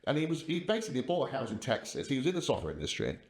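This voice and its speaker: A man's voice: mid-range voice, huge pitch swings, rapid-fire. An older man telling rambling business anecdotes in a casual interview, with lots of restarts. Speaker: podcast guest, software company founder. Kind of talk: casual conversational storytelling.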